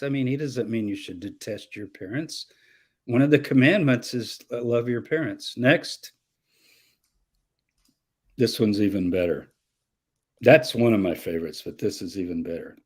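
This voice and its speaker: Male professor, mid-pitched, lively explanatory lecturing. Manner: animated, explanatory lecturing with quoted voices. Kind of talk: teaching interview on scripture.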